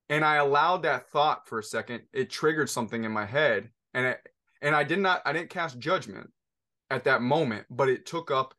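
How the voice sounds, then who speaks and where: A man's voice: medium pitch, normal speed, sharp tone. A podcast host in his thirties, a father, telling a long family story in a casual interview, full of restarts and fillers. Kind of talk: conversational interview.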